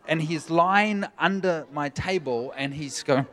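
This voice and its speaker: Man telling a lively sermon story. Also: a little high, unhurried, a little hiss or hum. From California. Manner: animated, jokey storytelling with laughs. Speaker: preacher.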